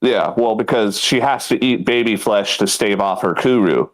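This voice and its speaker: Animated storytelling man in his thirties. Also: on the low side, moderate pace. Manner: animated storyteller who acts out quotes and laughs often. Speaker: podcast co-host. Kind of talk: casual comedic chat.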